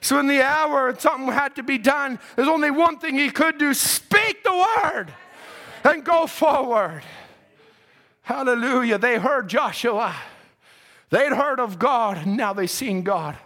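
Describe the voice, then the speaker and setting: A male preacher with a very high, bright and forceful voice. He delivers an impassioned sermon, pressing his points home, calling out hallelujah and climbing into shouts. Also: normal speed. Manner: impassioned, repeats cries of hallelujah, rises to shouts. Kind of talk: fervent sermon.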